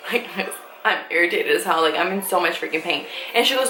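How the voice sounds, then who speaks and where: A young woman vlogger casually telling a story, animated and swearing freely as she acts out what people said. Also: medium pitch, fast talker. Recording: echoey room with faint ambient noise.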